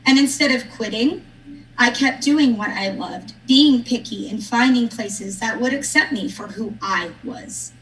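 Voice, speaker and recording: A woman's voice: fairly high pitch, a little slow, fairly bright tone, recorded from a distance, low-quality recording. A woman in her thirties, a political candidate, giving an earnest, personal speech on a live stream with a touch of humor. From Nebraska. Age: 30s. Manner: earnest, personal, lightly joking.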